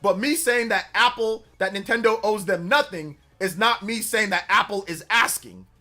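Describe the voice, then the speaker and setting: Bright-voiced man arguing with chat. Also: high-pitched, moderate pace. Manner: defensive, repeats himself, argumentative. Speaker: livestream host. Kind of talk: casual livestream chat, answering chat comments. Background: background music.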